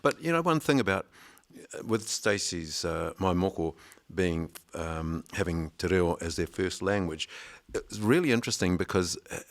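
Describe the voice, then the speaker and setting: An older man in his sixties with a deep, low voice. He tells anecdotes in a relaxed conversational way, with self-deprecating humour. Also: normal speed. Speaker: veteran broadcaster. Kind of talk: conversational storytelling.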